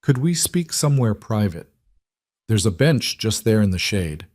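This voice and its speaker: Brief: a man reading a solemn storybook cowboy, deep and roughened, gentle, dry close sound. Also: expressive, measured pace, no room sound. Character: quiet, grieving cowboy about thirty.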